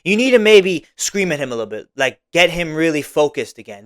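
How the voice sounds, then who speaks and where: A young man speaks in a smooth, clear voice that sits a bit high for a man. He rambles through a casual solo podcast monologue, leaning on "like" and tagging "right?" onto his points. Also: sing-song, brisk, fairly bright tone. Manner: rambling, many fillers like "like" and "right?". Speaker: podcast host.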